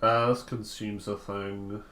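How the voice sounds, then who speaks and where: A man's voice: on the low side, flat delivery, takes it slowly, noisy background. A man streaming a card game, thinking aloud in a wry, self-mocking, casual way. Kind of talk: casual gameplay commentary.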